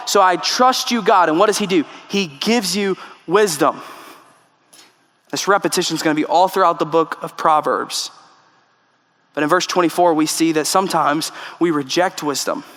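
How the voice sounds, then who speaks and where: A man preaches to his congregation in an emphatic, questioning style, pressing his listeners to follow along. His voice sits high for a man, and it rings with the long reverb of a church sanctuary. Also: a bit bright. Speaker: pastor. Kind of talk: sermon.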